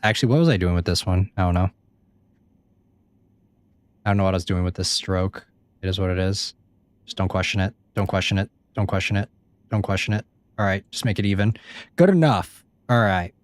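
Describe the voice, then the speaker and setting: A man's voice: low voice, fairly quick, long pauses. A young man giving casual gameplay commentary, joking, self-deprecating and swearing freely. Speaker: gaming YouTuber.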